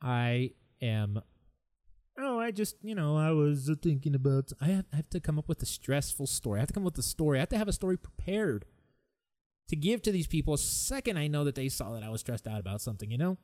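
A man's voice: a little high, sing-song, fast talker, a little mellow. A man hosting his own podcast, talking candidly and with exasperation about stress, sometimes mimicking other people. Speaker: podcast host. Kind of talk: solo podcast monologue.

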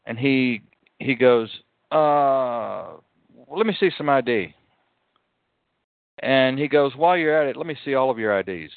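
A man's voice: medium pitch, animated, measured pace, creaky, pauses often, no echo. Indignant man telling a story over a tinny line. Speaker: radio show host. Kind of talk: casual talk radio chat. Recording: dry, tinny phone-like sound.

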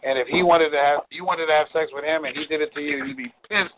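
A man lectures frankly about relationships and hammers his points home by repeating words. His voice sits a bit high. The sound is thin and phone-like. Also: steady tone, quick pace, slight background noise. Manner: blunt, preachy, repeats words for emphasis. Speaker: relationship coach. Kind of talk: frank advice on a call-in show. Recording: tinny phone-line sound.

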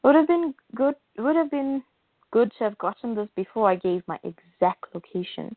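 A woman reading the lines of a steady male soldier who stays calm under pressure, in a plain read-aloud delivery. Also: fairly high pitch, normal speed, dry recording. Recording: phone-like dry audio.

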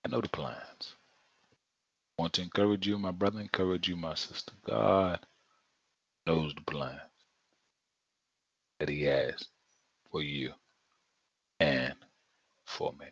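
A man's voice: low voice, takes it slowly, pauses often, fairly bright tone, slightly rough, no echo. A man preaching a sermon in a conversational, emphatic way, repeating phrases for effect. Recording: dull lo-fi sound.

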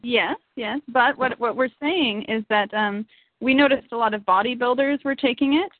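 A woman's voice: a little high, normal speed, no room sound. A woman guest on a panel talk show, speaking hesitantly with many fillers as she promotes a supplement. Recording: dry tinny phone-like sound.

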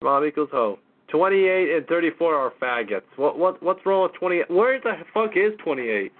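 A man's voice: a little high, very animated, moderate pace. A man hosting a casual call-in show, exasperated and mocking, swearing often. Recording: tinny phone-line audio.

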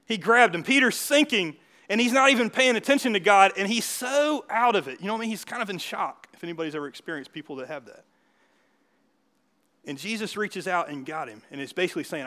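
A man preaching a sermon in a church. He talks in a chatty way, keeps asking the crowd questions, and swings from loud bursts to quiet asides. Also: high voice, lively intonation, quick pace. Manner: conversational preaching with frequent rhetorical questions. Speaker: pastor.

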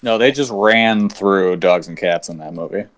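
A man's voice: low voice, moderate pace. A man co-hosting a podcast, talking enthusiastically and with casual swearing. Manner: enthusiastic, profane. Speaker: podcast co-host. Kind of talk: casual chat.

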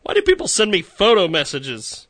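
A man's voice: sits high, moderate pace, dry recording. A man hosting a radio show, rambling and joking and laughing at himself. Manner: animated, jokey, laughs at himself. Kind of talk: rambling comedic radio talk.

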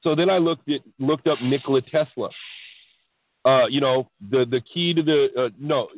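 A man, a podcast guest, telling the story of his spiritual experiences in an excitable, animated way, often restarting his sentences. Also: mid-range voice, normal speed, no echo. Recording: dry tinny phone-line sound.

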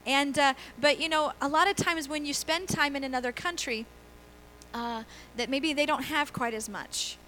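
A middle-aged woman pastor delivers a conversational sermon in a church, her voice high and bright. She tells stories with laughs and acts out quotes. A faint hum sits behind her. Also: moderate pace, poor audio.

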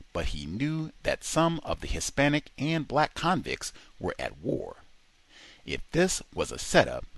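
A man reading a nonfiction book aloud in a dramatic, expressive way. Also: medium pitch, creaky, no echo. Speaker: audiobook reader.

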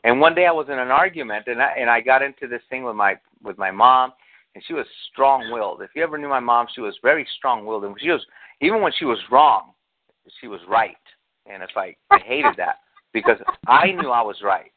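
A man's voice: medium pitch, expressive, fairly quick. A man preaching a sermon as pastor, telling stories and acting out quotes while asking the congregation questions. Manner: storytelling, acts out quotes, asks the congregation questions. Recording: tinny phone-like sound.

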